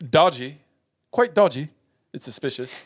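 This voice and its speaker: A man co-hosting a casual podcast, playfully quizzing his friend on slang words, spelling them out slowly and laughing often. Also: fairly high pitch, sing-song, no room sound, studio quality. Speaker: podcast co-host. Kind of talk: casual chat.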